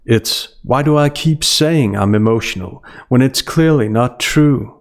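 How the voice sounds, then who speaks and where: A man's voice: medium pitch, a little slow. A man giving a scripted analytical voice-over in a dry, sarcastic manner. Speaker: commentary channel host.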